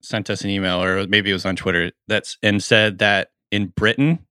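A man co-hosting a casual podcast, trading jokes and walking through player stats with quick asides. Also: lowish voice, fairly even intonation, sharp tone, clear, resonant tone, no room sound, clean studio sound. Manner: jokey, analytical, quick asides. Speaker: podcast co-host.

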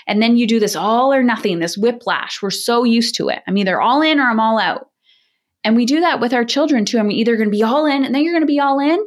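Direct, energetic woman parenting coach. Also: fairly high pitch, fast talker. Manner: direct, energetic, acts out quoted voices. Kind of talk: candid podcast interview talk.

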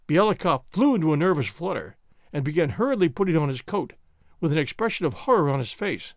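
Man narrating a story, lively pitch. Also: a little fast, dry recording, studio quality. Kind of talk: audiobook narration.

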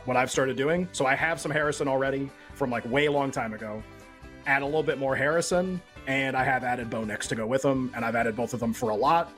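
A man who talks fast and loose about sports betting, with an ordinary mid-range pitch. He rattles through his reasoning in casual chat, with faint music under him. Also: fairly bright tone. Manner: quick, loose and conversational, lots of fillers.

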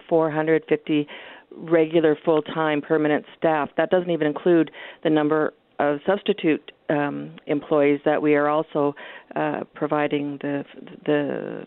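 A school division spokesperson calling in to a radio show, explaining things in a matter-of-fact way with plenty of fillers. The delivery is flat, and the sound is thin like a phone line. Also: medium pitch, no echo.

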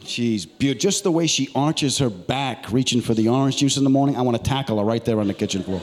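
A man performing a loud, animated stand-up comedy set on a theater stage, acting out voices. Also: mid-range voice, brisk, few pauses. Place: large theater stage with audience. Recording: live hall recording with loud crowd.

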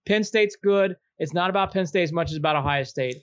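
A man's voice: sits high, a little fast, no room sound, muffled recording. A man hosting a sports betting picks segment, teasing his co-host with playful, fan-boyish chatter. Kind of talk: casual sports betting banter.

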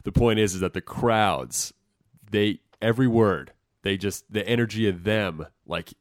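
Deep-voiced podcast host, excited fan talk. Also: male voice, a little slow, dry recording, studio quality. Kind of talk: casual podcast interview.

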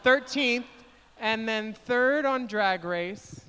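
A man's voice: sits high, slow pace, sharp tone, clear, resonant tone, long reverb tail. A man hosting a podcast, asking questions in a dry, teasing way. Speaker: podcast host. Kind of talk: casual podcast chat.

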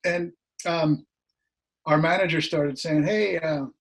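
Middle-aged guy telling a story, kinda high voice, slightly rough, laughs a lot. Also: takes it slowly, heavy background noise. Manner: animated, laughs often, acts out quoted voices. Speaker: musician guest. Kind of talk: casual storytelling.

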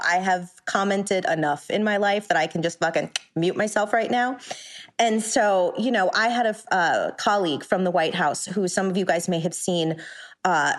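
A woman on a podcast panel, talking bluntly and with heated passion, swearing freely in a long, rambling turn. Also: fairly low pitch. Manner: blunt, profane, impassioned; long rambling turns with restarts. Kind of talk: heated casual discussion.

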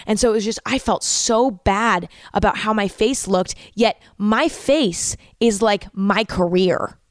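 Young woman vlogging her story, smooth clear voice, really candid and raw, swears a bit, dry close sound. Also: medium pitch, measured pace, dry recording. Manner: candid and emotional, with casual swearing and fillers. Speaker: content creator. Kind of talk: personal storytelling to camera.

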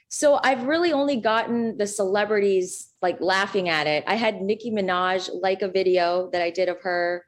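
A woman's voice: medium pitch, moderate pace, hardly any pauses. A woman comedian from Minnesota, a guest in a casual interview, chatty and rambling.

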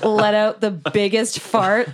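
Very slow-talking woman gamer. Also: medium pitch, level tone, crowd noise. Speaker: player. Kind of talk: tabletop role-play.

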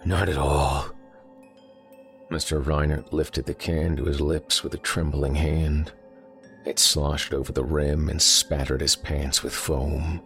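A man narrating a horror story in a steady, measured reading. His voice is extremely low and unhurried, with a gravelly texture. Soft music stays in the background. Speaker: audiobook narrator.

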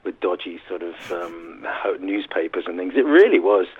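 A man's voice: sits low, expressive, normal speed, breathy edge. A man from England, a guest musician telling laughing anecdotes in a casual interview. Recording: tinny phone line.

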